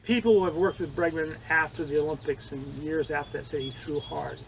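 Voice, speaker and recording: An older man telling vivid stories in an interview, acting out quoted lines and swinging between loud and hushed. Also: fairly high pitch, a little fast, gravelly, a little hiss or hum, low-quality recording. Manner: animated storyteller, acts out quotes, swings loud and soft. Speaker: interviewee, former judo training partner. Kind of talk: storytelling interview.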